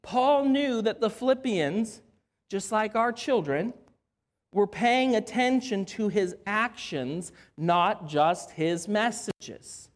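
A pastor preaching a sermon in an earnest way, addressing the audience as friends and repeating key phrases slowly for emphasis. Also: mid-range voice.

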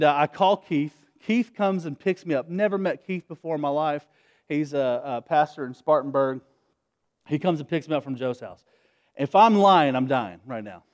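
A pastor preaching to his congregation with a notably high voice. He talks in an easy, energetic way and keeps calling the room to respond. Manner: conversational, energetic, rallies the congregation. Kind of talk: sermon. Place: church, before a congregation.

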